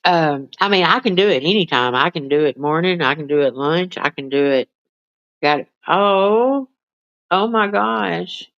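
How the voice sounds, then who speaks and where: Speaking a little slowly and with animation, this woman has a slightly bright voice as she rambles to her livestream viewers and coos at her pets in high baby talk. The phone audio is lo-fi with no room sound.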